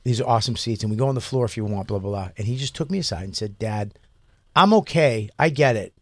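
A man hosting a podcast who tells a funny story in a casual, animated way, acting out quotes and swearing. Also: on the low side, very fast, no echo, clean studio sound. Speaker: podcast host.

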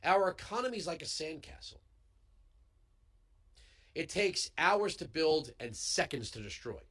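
A male talk show host delivering a heated political commentary monologue into a studio microphone, emphatic and building to yells. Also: on the high side, sing-song, measured pace, breathy edge. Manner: heated, emphatic, swings into yelling. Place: radio studio. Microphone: studio broadcast microphone.

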